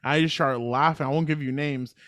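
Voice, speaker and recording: A man's voice: a little high, steady tone, brisk, fairly bright tone, no echo, studio quality. A man in his thirties co-hosting a podcast, chatting casually, rambling and laughing easily. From Latino American. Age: 30s. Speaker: podcast co-host. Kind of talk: casual chat.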